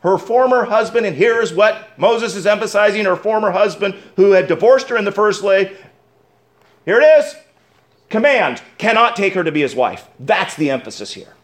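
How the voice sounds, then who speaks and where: A man with a high voice preaches a sermon. His delivery swings between sharp, loud emphasis and low, hushed asides, and he keeps turning to his listeners with direct questions. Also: lively intonation, fairly quick, few pauses. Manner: asks the congregation direct questions. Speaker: pastor.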